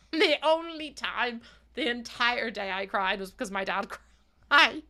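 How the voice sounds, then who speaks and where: Bright-voiced chatty woman streamer. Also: on the high side, lively intonation, measured pace. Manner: chatty, giggly, reads chat aloud, sings snippets. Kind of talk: casual livestream chat while building.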